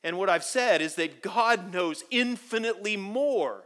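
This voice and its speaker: A man preaching a sermon to his church, telling stories with lively swings from quiet to loud. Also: high voice, unhurried. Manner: animated storytelling, swings from soft to loud. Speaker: pastor.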